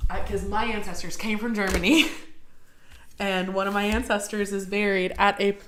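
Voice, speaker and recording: A woman's voice: mid-range voice, steady tone, normal speed, a bit bright, a little hiss or hum. A young woman hosting a casual livestream, chatting with viewers in a rambling way full of fillers. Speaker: livestream host.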